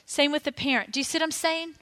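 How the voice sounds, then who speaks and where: A woman's voice: high voice, quick pace, pushed and bright. A woman preaching a sermon in a conversational way, acting out prayers and quotes as she teaches.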